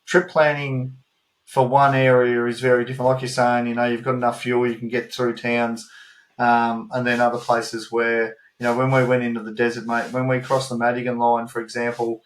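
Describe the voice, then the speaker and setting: A man with an Australian accent co-hosting a podcast, telling animated travel stories in casual chat and swearing freely. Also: medium pitch, normal speed. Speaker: podcast co-host. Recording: roomy echo.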